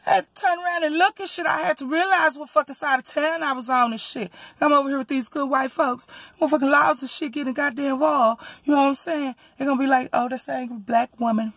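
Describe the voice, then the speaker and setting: A woman with a Southern US accent, a rideshare driver from Texas, telling a story in a profane, animated rant and loudly acting out what people said. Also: sits high, fast talker, few pauses, dry recording.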